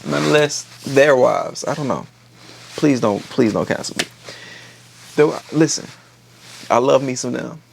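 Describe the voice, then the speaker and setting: A man's voice: medium pitch, animated, a little slow, creaky, long pauses, slight background noise. A man giving a casual, gossipy and profane episode recap, full of slang. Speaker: TV show reviewer.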